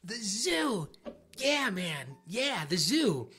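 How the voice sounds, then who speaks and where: A man voicing a goofy, excited driver in a spoken joke, in a high squeaky exclaiming voice. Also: very slow, faint music behind, full character voice. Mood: cheerful.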